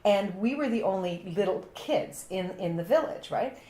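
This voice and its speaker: A woman from Canada hosting an interview, chatting and telling quick personal anecdotes. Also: mid-range voice, animated, dark tone. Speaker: host. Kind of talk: conversational interview. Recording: echoey room.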